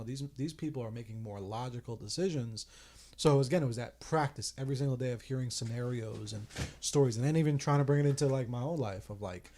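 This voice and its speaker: A man's voice: mid-range voice, darkish tone. A young man co-hosting a podcast, talking earnestly and swearing casually, often trailing off. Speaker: podcast co-host. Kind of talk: casual chat.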